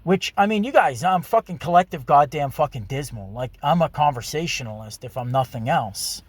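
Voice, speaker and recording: A man's voice: a little high, animated, moderate pace, dry recording. A man telling a crude story in a profane, rambling, self-mocking way. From Canada. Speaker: podcast host.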